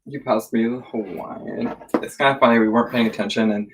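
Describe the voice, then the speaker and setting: A man chatting casually on a live stream while he eats at home, hesitant and full of filler pauses. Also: fairly low pitch, recorded from a distance, noisy background. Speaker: livestream co-host. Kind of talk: casual chat while eating. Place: warm room at home.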